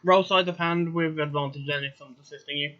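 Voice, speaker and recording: A man's voice: on the high side, fairly even intonation, quick pace, pushed and bright, highs cut off. A man running a tabletop game as game master, with a firm, matter-of-fact manner. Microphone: online voice chat.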